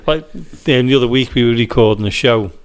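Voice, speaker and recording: A man's voice: mid-range voice, a little fast, clear, resonant tone. A man talking as a podcast guest, joking and teasing, often laughing while he talks. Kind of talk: casual podcast chat.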